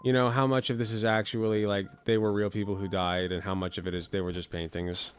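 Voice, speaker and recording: A man casually commenting on a video game with wry, deadpan asides. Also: lowish voice, fast, slight background noise. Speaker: streamer playing a game. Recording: faint game music behind.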